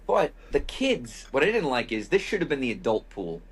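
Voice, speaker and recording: A man's voice: medium pitch, wildly swooping pitch, normal speed. A man hosting a podcast, telling a loose, profane travel anecdote in a casual, wry way with lots of quoted asides. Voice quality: husky. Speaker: podcast host. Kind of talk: casual storytelling.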